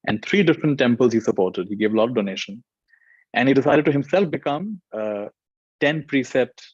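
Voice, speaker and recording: A man teaching meditation, telling a story in a gentle, unhurried way with frequent fillers. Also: on the low side, dry recording, lo-fi sound. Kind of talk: storytelling dharma talk.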